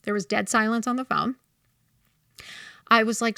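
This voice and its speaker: A woman's voice: fairly high pitch, fairly even intonation, moderate pace, gravelly, pauses often, sharp tone, no echo, studio quality. A woman in her fifties hosting a podcast, telling a personal story in a blunt, profane, heated way. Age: 50s. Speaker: podcast host. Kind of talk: candid storytelling chat.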